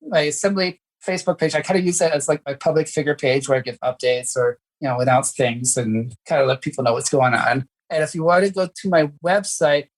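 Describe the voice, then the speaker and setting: Low-voiced, enthusiastic woman guest. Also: fairly quick, hardly any pauses, rough recording. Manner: enthusiastic, talkative. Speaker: podcast guest, former political candidate. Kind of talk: casual podcast interview.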